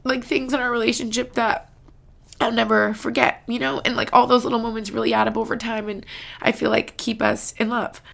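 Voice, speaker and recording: A young woman talks straight to her viewers about her relationship. Her slightly high voice has a gravelly fry at the ends of phrases. She sounds moved and close to tears, and she peppers her speech with "like.". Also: little pitch movement, a little fast, fairly bright tone. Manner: emotional, on the verge of tears, frequent "like" fillers. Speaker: vlogger. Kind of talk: personal vlog talk.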